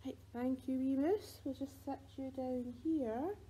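A Scottish woman leads babies through rhymes and songs, playful and sing-song, dropping into soft whispers between verses. Her voice is mellow and dark in tone and on the high side, and she takes her time. A faint hum sits behind her. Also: a little slow, rough recording. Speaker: children's librarian. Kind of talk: leading baby rhymes and songs. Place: library.

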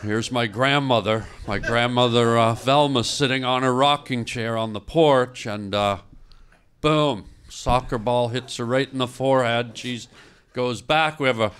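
A man's voice: medium pitch, unhurried. A man doing improvised stand-up in a club, telling an absurd tragic story with mock grief and snapping at the audience now and then. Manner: deadpan mock-grief storytelling, mock-angry outbursts at the crowd. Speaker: stand-up comedian. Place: comedy club stage with a laughing audience.

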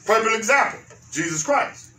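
A male pastor preaches with a very high, piercing voice. He repeats his phrases and climbs into fervent shouts. He is heard from a distance in an echoey church. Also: lively intonation, moderate pace. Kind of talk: sermon. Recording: echoey room, mic far off.

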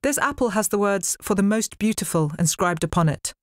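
A woman's voice: medium pitch, expressive, a little fast, dry recording, studio quality, voice pushed up, lightly acted. A woman voicing a scheming, commanding queen of the gods. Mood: imperious. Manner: commanding, snappish.

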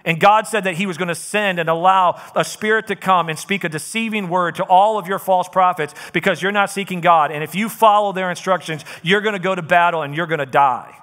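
A male pastor delivers a sermon, retelling scripture with lively, conversational storytelling. His voice sits high and sounds bright and forceful. It carries the long reverb of a large hall. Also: brisk, hardly any pauses. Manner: lively storytelling, paraphrasing scripture with casual asides. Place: church auditorium.

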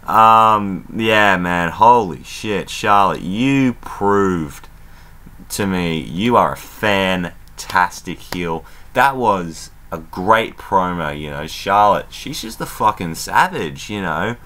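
A low-pitched man with a smooth, clear voice and a bright, forceful edge rambles through a casual recap. He sounds like an excitable fan, chatty and loose, full of fillers and the odd curse. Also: slow pace. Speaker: wrestling show reviewer.

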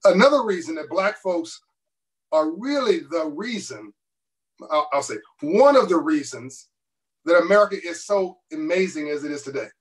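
High-voiced guy on a video call as a guest author, emphatic, laughs a lot, sits back from the mic. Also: expressive, normal speed, distant mic, low-quality recording. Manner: emphatic, laughs between points. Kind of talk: passionate interview talk.

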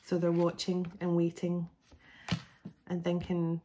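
A woman with a fairly low voice talks through a tarot reading in a loose, rambling way. She restarts her sentences often and fills pauses with fillers. Faint background hiss sits under her voice. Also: flat delivery, warm tone, low-quality recording. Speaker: tarot reader. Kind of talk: casual spoken tarot reading.

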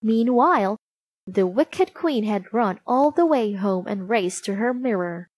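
A woman narrating a storybook aloud, slow, clear and expressive. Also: mid-range voice, no echo.

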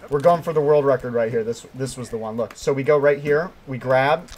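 An excitable young man commentates his own gameplay, muttering to himself one moment and yelping the next. His voice sits at an ordinary middle pitch. Faint game sounds run quietly underneath. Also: brisk, a little hiss or hum. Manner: excitable, swinging between mutters and yelps. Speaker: gaming streamer.

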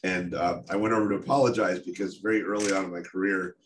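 A man's voice: sits low, fairly even intonation, fast. A middle-aged American man, a photographer telling stories from his career in a candid, self-deprecating way with many fillers. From United States. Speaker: photographer giving a talk. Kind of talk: storytelling talk. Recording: echoey room with faint noise.

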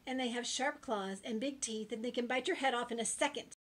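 A small boy from a picture book, loud and emphatic, piling on dramatic warnings, as a teacher puts him on. The voice is pushed a little higher and punchier than her plain reading. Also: fairly quick, close to an everyday voice. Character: small lost boy, sure of himself, dramatic.

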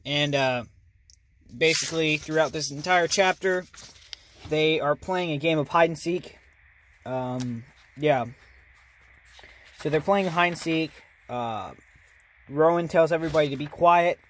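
A man's voice: fairly high pitch, unhurried, long pauses, fairly bright tone, slight background noise. A man reading a children's novel aloud as a hobby reader, earnest and casual. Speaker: audiobook reader. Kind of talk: amateur audiobook reading.

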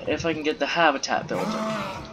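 A man's voice: a little high, animated, moderate pace, background noise. A man doing goofy, rambling let's play commentary, full of silly wordplay, over game sounds. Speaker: gameplay commentator.

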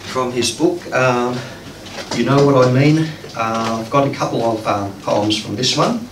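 A man giving a slow, measured poetry reading, breaking into chuckles between poems. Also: medium pitch. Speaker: poetry reader. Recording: echoey room, distant mic, faint noise.

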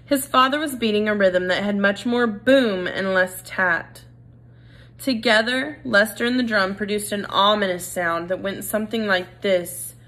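A woman reading a children's novel aloud, gentle and expressive, speaking directly to the reader. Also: mid-range voice, measured pace. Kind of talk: read-aloud narration.

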